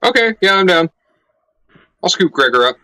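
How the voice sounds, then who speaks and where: A man's voice: high-pitched, big pitch swings, normal speed, pushed and bright, smooth, dry recording, poor audio. A man playing his character in a tabletop game, joking and brash, swearing casually. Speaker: player.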